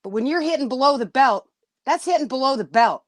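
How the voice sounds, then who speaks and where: On a dry recording, a livestream host speaks in a high, animated voice at a fairly quick clip. She's venting to her chat, blunt and indignant, with some cursing mixed in.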